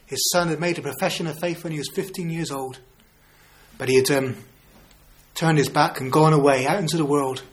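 Male preacher, 50s, earnest sermon delivery with rhetorical questions, slightly higher voice. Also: steady tone, a little fast. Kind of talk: evangelistic sermon.

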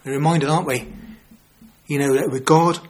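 Male preacher, 50s, earnest sermon delivery with rhetorical questions, slightly higher voice. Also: fairly even intonation, normal speed, darkish tone. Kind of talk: evangelistic sermon.

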